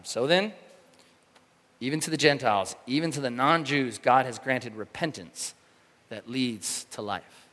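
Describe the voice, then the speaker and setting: A man preaching a sermon in a casual, animated way, acting out the reactions of the people in his story. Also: medium pitch, big-room sound. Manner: animated, conversational, acts out quoted reactions. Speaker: pastor.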